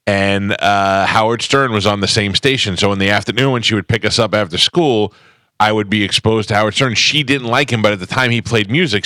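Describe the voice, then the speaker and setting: Low-voiced man hosting morning radio. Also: pushed and bright, no room sound. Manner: joking, self-mocking, talks over co-hosts. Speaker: radio show host. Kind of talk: morning radio call-in banter. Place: radio studio.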